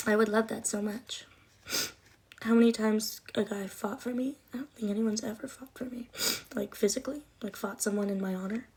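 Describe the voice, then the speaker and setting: A woman's voice: fairly high pitch, steady tone, moderate pace, darkish tone, husky. Young woman, livestream chat, rambling, swears a lot, emotional. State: cold, shivering.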